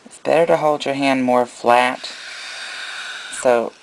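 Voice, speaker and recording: A reptile breeder narrates a casual vlog in a gravelly, creaky, mid-range voice, speaking slowly with a steady tone. He shifts between doting, cooing baby talk for his animals and plain explanation for viewers. The recording is rough, with a little hiss or hum.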